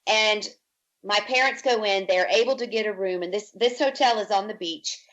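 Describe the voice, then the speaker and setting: A woman's voice: medium pitch, moderate pace, rough recording. A woman from Virginia, a podcast guest, telling her life story in an interview and acting out the voices of the people she quotes. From Virginia, USA. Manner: lively storyteller who acts out quoted speech.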